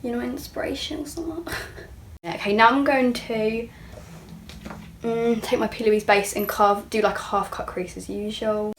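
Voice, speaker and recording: A woman's voice: mid-range voice, level tone, a little slow, noisy background. A young woman vlogger talking through a makeup tutorial in a chatty, self-mocking way, sometimes dropping to a near-whisper. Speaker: beauty vlogger. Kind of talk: casual makeup tutorial chat.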